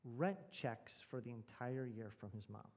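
A man's voice: mid-range voice, unhurried, a little mellow, lo-fi sound. A male pastor preaching a sermon, telling a story and posing rhetorical questions.

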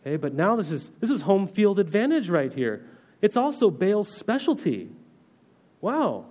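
A pastor with a voice a little high for a man delivers a sermon at normal speed, relaxed and conversational. He reads a scripture passage aloud, then explains it in everyday terms with casual comparisons, often checking in with listeners through rhetorical questions.

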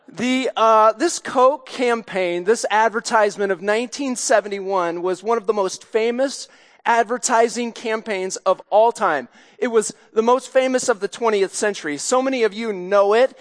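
A man's voice: high voice, normal speed. A man, a pastor, preaching a sermon in a conversational storytelling way. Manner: storytelling, sings snatches of a jingle. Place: church sanctuary. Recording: long church hall reverb.

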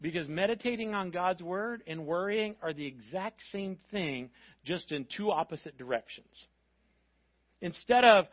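A man preaching a sermon in a church, in a conversational style with quick asides and repeated phrases. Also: on the high side, lively intonation. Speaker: pastor. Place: church sanctuary. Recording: dull lo-fi sound.

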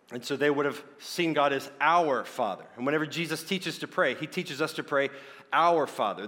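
A man preaching a sermon, earnest and emphatic, slowing down to stress key points. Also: on the high side, a bit bright. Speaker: pastor. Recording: long hall reverb.

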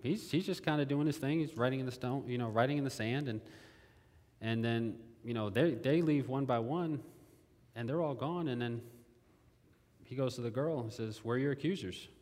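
A man's voice: mid-range voice, moderate pace, darkish tone. A man preaching a sermon in a conversational way, repeating phrases and asking his listeners questions. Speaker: pastor. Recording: long hall reverb.

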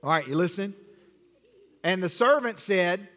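Animated man teaching kids. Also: high-pitched. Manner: animated, directs children with quick repeated commands. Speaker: children's Bible teacher. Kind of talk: interactive acted-out Bible lesson. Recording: long hall reverb.

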